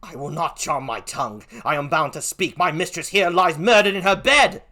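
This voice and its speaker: A man's voice: on the high side, moderate pace, sharp tone. An older man voicing a loyal, outspoken woman servant who cries out in outrage, in a one-man Shakespeare reading. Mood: outraged.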